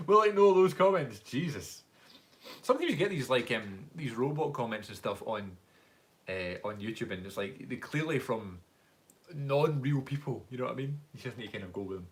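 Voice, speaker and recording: A man's voice: medium pitch, animated, normal speed. A young man with a Glaswegian accent, chatting casually on a live stream Q&A as a YouTuber and actor, rambling through stories and laughing often. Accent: Glaswegian Scottish. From Scotland.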